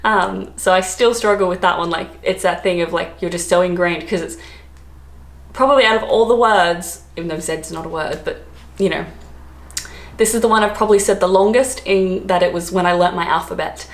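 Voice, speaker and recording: A woman's voice: lowish voice, a little fast. An Australian woman chatting casually to camera as a vlogger, self-deprecating and laughing often. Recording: echoey room.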